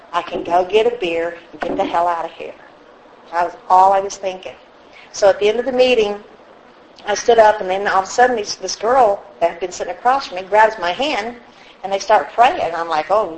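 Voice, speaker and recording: A woman with a mid-range voice tells a group the story of getting sober, candidly poking fun at herself and acting out the voices of people she quotes. The recording is low quality, with a bit of hiss or hum.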